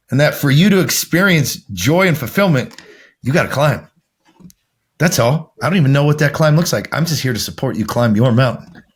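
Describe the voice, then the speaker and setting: Husky, blunt, swearing men's coach. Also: male voice, on the high side. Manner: intense, profane, preachy. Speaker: men's coach, podcast guest. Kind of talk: blunt motivational talk.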